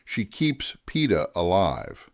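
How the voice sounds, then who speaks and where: Measured man with a lively, low voice. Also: no echo, clean studio sound. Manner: measured, deliberate delivery with slow emphasis on key phrases. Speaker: writing teacher. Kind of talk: scripted instructional narration.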